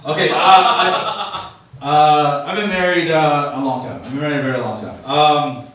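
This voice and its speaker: A man in his fifties rambles through crude, self-mocking stand-up, chatting with the crowd at an open mic. His voice sits a little high and carries a slight slur from dentures. The recording comes from a distance in a very echoey small venue. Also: moderate pace, a bit bright. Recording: echoey room, mic far off.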